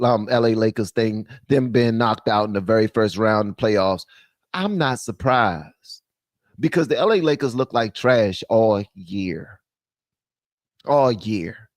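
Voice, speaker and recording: A man hosting a live stream, giving casual commentary in an animated voice that swings between loud ranting and low muttering. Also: no echo, studio quality.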